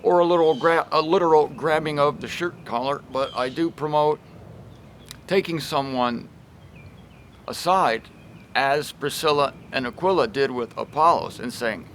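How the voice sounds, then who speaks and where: A man's voice: mid-range voice, moderate pace, slight background noise. Emphatic, wry male Bible teacher. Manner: emphatic and wry, shifts pace and loudness a lot. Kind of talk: casual Bible teaching talk.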